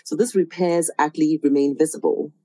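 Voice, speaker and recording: A woman hosting a conversational interview, talking in a thoughtful, measured and softly encouraging way. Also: low voice, steady tone, rough recording. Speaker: podcast host. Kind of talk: reflective interview talk.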